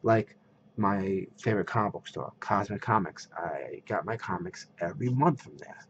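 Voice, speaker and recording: A man's voice: sits low, expressive, normal speed, muffled recording, slight background noise. A man vlogging a casual rant to camera, retelling conversations with quoted voices.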